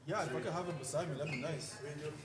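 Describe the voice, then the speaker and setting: A man's voice: on the high side, very noisy. A man presenting for a bank, chatting casually and agreeably while setting up his talk. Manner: quick, agreeable replies. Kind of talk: casual chat before a talk.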